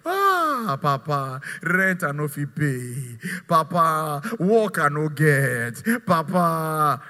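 A man's voice: fairly high pitch, very animated, very slow, pushed and bright, big-room sound, pitched below the performer's own voice, exaggerated voice. A man voicing a woman who whines and pleads in prayer, listing her troubles. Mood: whining.

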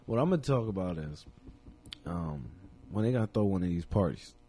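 A young man with a low, husky voice co-hosts a casual podcast. He tells profane jokes and animated stories, breaking into laughter often. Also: a little fast. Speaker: podcast co-host. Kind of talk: crude casual banter.

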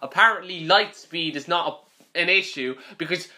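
Male podcast co-host, a little high-pitched, profane and sarcastic. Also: normal speed, bright, forceful tone. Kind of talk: casual movie-review banter.

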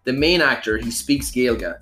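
A man's voice: medium pitch, lively intonation, measured pace, a bit bright, faint music behind. A man from Ireland with an Irish accent, hosting a casual podcast chat, telling stories eagerly and pressing to keep the floor. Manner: eager, storytelling, pushes to hold the floor. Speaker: podcast host.

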